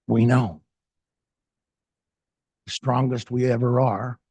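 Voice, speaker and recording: An older man giving an animated inspirational talk, mixing jokes and stories. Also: medium pitch, takes it slowly, slightly rough, no echo. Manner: animated storyteller, jokes and acted quotes. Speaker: speaker.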